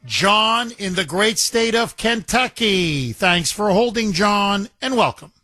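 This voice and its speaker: Emphatic, bright-voiced talk radio host man. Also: sits high, expressive, slow pace, few pauses, soft background music. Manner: emphatic, combative, jokes with callers. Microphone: studio microphone.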